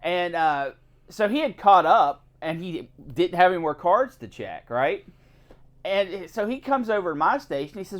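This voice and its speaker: A man chatting casually as a co-host, his pitch jumping all over as he tells stories. He acts out other people's lines with big swings in his voice. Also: sing-song, normal speed. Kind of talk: casual chat.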